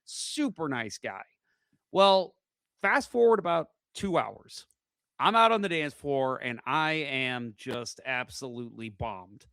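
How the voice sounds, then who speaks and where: A man from St. Louis hosting a podcast in casual chat, an animated storyteller who acts out the voices he quotes. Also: medium pitch, takes it slowly, clear, resonant tone, no echo, studio quality. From St. Louis, USA. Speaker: podcast host.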